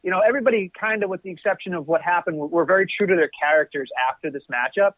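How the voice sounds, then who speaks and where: A podcast co-host with a high, rapid-fire voice chats casually, rambling and correcting himself while sharing his opinions. The line sounds tinny and phone-like, dry with no echo.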